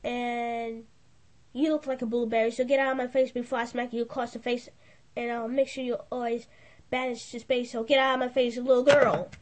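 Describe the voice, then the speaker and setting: A woman's voice: fairly high pitch, level tone, fairly quick, pitched below the performer's own voice, lightly acted. A woman voicing a bossy, angry woman who snaps at and threatens a dog in a game role-play. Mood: scornful. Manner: snappy, threatening, brushing people off.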